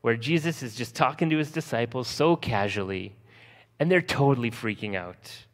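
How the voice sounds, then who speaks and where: A man preaching a sermon, slowing for emphasis and acting out scenes from the text in lively voices. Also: mid-range voice, long reverb tail. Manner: lively storytelling, acting out disciples' panic in a raised voice. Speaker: pastor.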